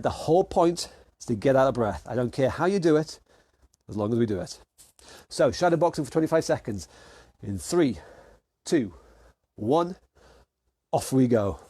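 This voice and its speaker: A man's voice: on the high side, a little mellow. A man leading an online fitness class, giving plain, encouraging instructions and counting down each exercise.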